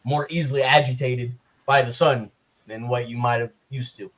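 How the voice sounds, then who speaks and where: A man's voice: medium pitch, steady tone, moderate pace. Casual man on dull lo-fi audio. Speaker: group discussion participant. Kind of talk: casual chat.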